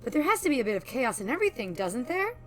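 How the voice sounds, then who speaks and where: A woman voicing a brainy young male scholar who loves chaos and talks excitably about his sibling. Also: on the high side, fast talker, faint music behind. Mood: exasperated.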